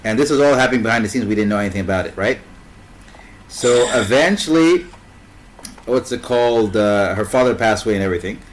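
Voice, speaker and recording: A man's voice: lowish voice, expressive, fairly quick, a little hiss or hum, poor audio. Man telling a rambling story. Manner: rambling, fills gaps with "what's it called". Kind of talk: casual storytelling.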